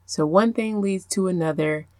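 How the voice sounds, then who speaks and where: Encouraging mom podcaster, lowish voice. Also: female voice, moderate pace, no room sound. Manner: warm encouraging, faith-based, speaks straight to listener. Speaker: podcast host and productivity coach. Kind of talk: casual podcast talk.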